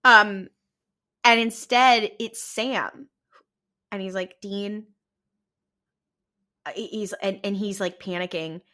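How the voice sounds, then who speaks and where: A woman's voice: mid-range voice, a little slow. A young woman co-hosting a podcast, casually retelling TV scenes and acting out the characters' lines. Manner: animated retelling with quoted voices and laughter. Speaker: podcast co-host. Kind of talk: casual recap chat.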